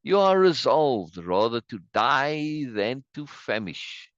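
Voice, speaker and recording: A man's voice: mid-range voice, big pitch swings, slow pace, fairly bright tone, no room sound, lo-fi sound, pitched above the performer's own voice. A man voicing an angry male citizen who leads a mob, in a read-aloud play reading. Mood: urgent. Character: rebellious male citizen leading an angry crowd.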